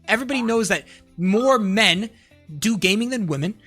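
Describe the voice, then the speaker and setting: A streamer in a heated, profane live-stream rant, full of restarts and repeated words, at times rising to shouts. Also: mid-range voice, lively intonation, moderate pace, faint music behind. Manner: rises to shouting when angry.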